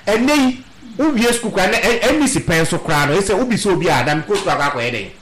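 A Ghanaian man talking politics with heated, emphatic energy, his voice sitting high and swinging widely in pitch. He switches between Twi and English. The sound has a noticeable room echo. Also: animated, fast talker, a bit bright. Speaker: political caller or panelist. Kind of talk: impassioned call-in political talk.

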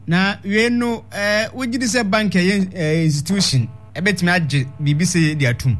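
A man hosting a call-in radio show, questioning callers and slowly reading out a phone number. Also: sits high.

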